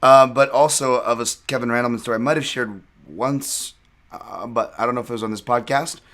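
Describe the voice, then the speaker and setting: A man hosts a loose, casual podcast and wanders through long anecdotes, laughing often. His voice is bright and forward at an ordinary middle pitch. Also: fairly even intonation, fairly quick. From Chinese heritage. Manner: rambling, laughing storyteller. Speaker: podcast host.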